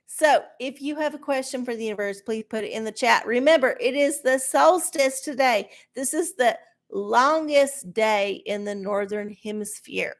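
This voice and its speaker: A woman's voice: on the high side, normal speed. A middle-aged woman hosting a livestream, ranting bluntly and sarcastically with a lot of swearing. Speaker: livestream host. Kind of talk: profane ranting chat.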